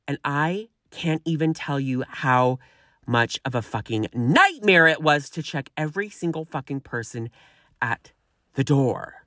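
A podcast host telling a story about work in a profane, animated rant, talking straight to the listeners. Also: medium pitch, a little slow. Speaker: podcast host and restaurant manager.

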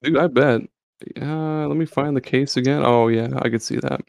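Gravelly-voiced casual podcast host. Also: male voice, medium pitch, fairly even intonation, moderate pace, darkish tone, no room sound, studio quality. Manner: loose, profane, stumbling restarts. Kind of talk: casual chat.

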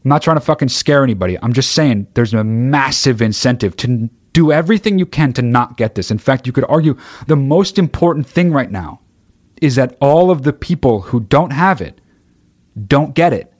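A man on a livestream, venting hard and cursing in nearly every line, his voice jumping into loud shouts. His pitch sits in an ordinary middle range for a man. The sound is dry and close, with no room echo. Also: expressive, normal speed. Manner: heated, swears constantly, bursts of shouting. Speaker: livestreamer reading chat. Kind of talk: profane livestream rant.

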